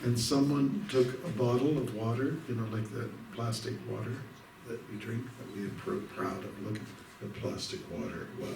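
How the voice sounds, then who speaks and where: Gravelly-voiced monk, distant in a hall. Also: male voice, medium pitch, fairly even intonation, moderate pace, few pauses. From Canada. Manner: rambling storytelling with many fillers and restarts. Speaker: monk giving an evening talk. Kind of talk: informal devotional talk. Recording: roomy hall, distant mic, faint noise.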